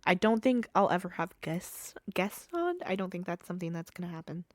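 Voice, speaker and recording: A woman's voice: on the low side, fairly quick, dry recording. A woman hosting a casual solo podcast from home, rambling and giggling with self-deprecating asides. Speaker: podcast host. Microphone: podcast microphone.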